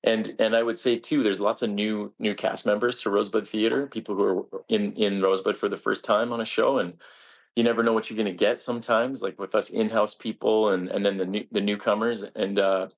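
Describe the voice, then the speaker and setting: A man's voice: on the low side, little pitch movement, brisk. A man, a stage actor, answering interview questions in an earnest, reflective way with frequent restarts.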